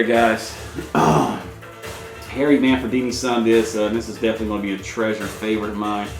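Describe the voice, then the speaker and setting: Excited man rambling about his record haul. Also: mid-range voice. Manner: enthusiastic, rambling, addresses viewers as guys. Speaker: collector vlogger. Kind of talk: casual show-and-tell vlog. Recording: echoey room with faint music.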